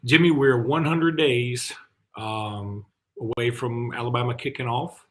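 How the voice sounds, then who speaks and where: A man hosting a sports talk show, chatty and rambling, and quick to poke fun at himself. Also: mid-range voice. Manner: chatty, rambling, self-deprecating. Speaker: host.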